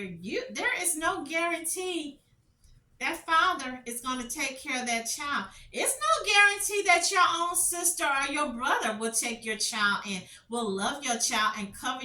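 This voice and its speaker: A woman's voice: high-pitched, sharp tone, distant mic. Passionate woman in an echoey room. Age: middle-aged. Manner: passionate, repeats phrases, rhetorical questions. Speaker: commentary vlogger. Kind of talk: emotional storytelling commentary.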